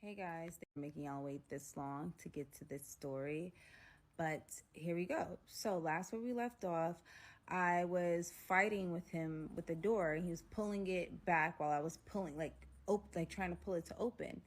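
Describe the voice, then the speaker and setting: A woman's voice: on the low side, normal speed. A woman telling a dramatic storytime, acting out what each person said. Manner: animated, acts out quotes. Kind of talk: storytime vlog.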